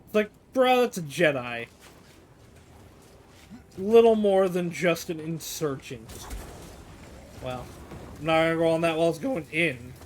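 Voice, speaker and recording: A man's voice: on the high side, lively intonation, a little slow, long pauses, slight background noise. A man casually commenting on a game as he plays it on a live stream, joking and laughing at his own play.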